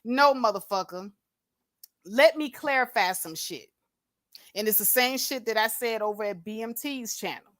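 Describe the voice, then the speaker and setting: A woman's voice: a little high, moderate pace, fairly bright tone, no room sound, studio quality. A woman hosting a livestream, speaking bluntly and confrontationally with heavy profanity into a plug-in microphone. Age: adult with a grown daughter. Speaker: livestream host. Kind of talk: unscripted livestream commentary.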